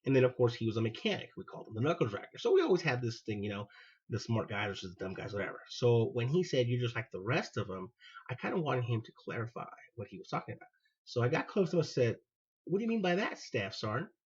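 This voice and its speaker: A man, a former Marine hosting his own show, telling a personal story in an animated way and acting out what people said. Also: medium pitch, fast, husky, muffled recording. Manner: animated, acts out quoted dialogue. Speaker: podcast host, former Marine.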